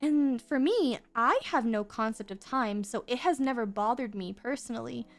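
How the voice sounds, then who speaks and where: A young woman with a high voice chats on a live stream while drawing. She rambles and giggles, excitable and loose. Soft music plays behind her. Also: moderate pace. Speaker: VTuber streamer. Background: faint background music.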